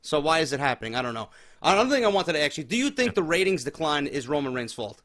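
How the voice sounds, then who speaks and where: Wrestling podcast host, male, slightly high pitch, questioning and skeptical. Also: big pitch swings, fast, fairly bright tone. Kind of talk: casual wrestling talk.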